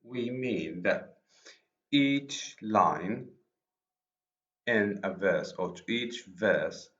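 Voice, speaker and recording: A lower-pitched man whose first language is Arabic lectures on poetry, slowly restating each point. His voice sounds roomy and echoey. The recording is dull and lo-fi. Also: animated, a bit bright. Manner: explains slowly, repeats and rephrases himself. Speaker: university lecturer.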